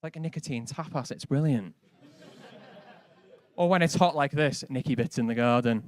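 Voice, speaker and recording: A man's voice: mid-range voice, moderate pace. A man doing a stand-up set on a comedy club stage, dry and conversational, full of casual asides. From Britain. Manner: dry, conversational, lots of likes.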